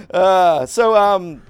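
A man's voice: sits high, lively intonation, drawn-out words, no room sound, faint music behind. A young man, chatting casually in a rambling, self-deprecating way and acting out little conversations. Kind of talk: casual chat.

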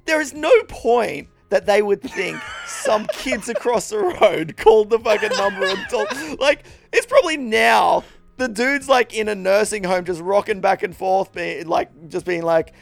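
A male podcast co-host with a high-pitched, expressive voice and vocal fry talks at normal speed. In casual chat he tells comic stories, laughing and swearing often and frequently tripping over his words.

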